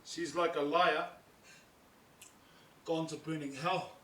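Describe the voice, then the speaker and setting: An actor playing a jealous, tormented husband in amateur stage acting, brooding murmurs breaking into shouts. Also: male voice, fairly high pitch, steady tone, slow pace. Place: outdoor stage, roomy. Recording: roomy echo from far off.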